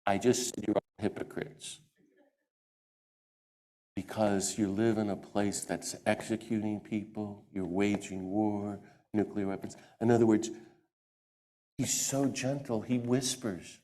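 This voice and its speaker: Guy with a lowish voice giving an animated church talk on a mic. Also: unhurried. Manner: animated, acts out quoted voices. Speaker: guest speaker. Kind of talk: lively talk to a church audience. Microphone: microphone.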